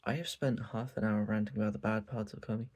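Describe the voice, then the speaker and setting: A man's voice: lowish voice, fast, slightly rough. A man ranting casually and profanely about a show late at night. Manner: animated, profane, repetitive ranting. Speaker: anime reviewer.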